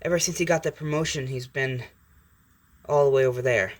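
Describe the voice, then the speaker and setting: A man's voice: a little fast, natural voice. A man voicing a shy, eager fifteen-year-old boy who stammers in a fan story. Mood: wistful. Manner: timid, stammering, higher voice.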